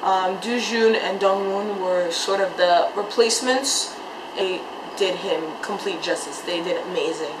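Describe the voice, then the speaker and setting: A woman's voice: medium pitch, unhurried, noisy background. Fan girl rambling about a concert, lots of like, roomy echo around her. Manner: gushing, rambling, many "like" fillers. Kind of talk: casual storytelling vlog. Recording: echoey room.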